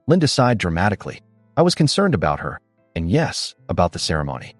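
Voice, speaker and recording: A man giving scripted, expressive narration of a first-person story. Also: sits low, quick pace, no room sound, soft background music.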